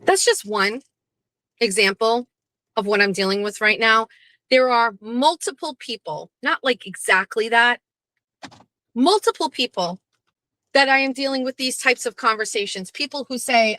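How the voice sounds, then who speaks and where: A high-voiced woman vents to her audience from a parked car, blunt and full of profanity. Her tone is bright and sharp, and her talk rambles with restarts. The sound is close and dry. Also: normal speed, dry recording, rough recording. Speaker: host. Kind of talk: candid venting monologue.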